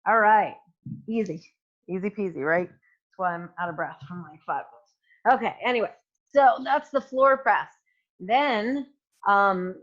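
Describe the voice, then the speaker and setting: A woman fitness coach, mid-range and a bit bright in tone, gives upbeat instructions sprinkled with fillers as she demonstrates exercises. She's in a home room with hardwood floors using a new microphone, and the sound is lo-fi.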